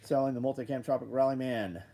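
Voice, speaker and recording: Man, middle-aged, livestream host, casual, profane, mid pitch, faint background hiss. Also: fast, dark tone. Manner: loose, profane, reads chat aloud.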